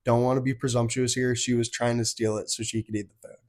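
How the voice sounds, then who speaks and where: Young male podcast co-host, hoarse from illness, animated, swears freely, casual storyteller. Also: mid-range voice, fast. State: hoarse from being sick. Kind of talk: casual chat.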